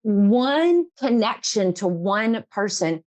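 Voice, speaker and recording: A woman's voice: mid-range voice, very animated, slow pace, a little mellow. A middle-aged woman hosting her own podcast, talking earnestly and emphatically, repeating herself for stress and often laughing. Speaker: podcast host. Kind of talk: emotional interview chat.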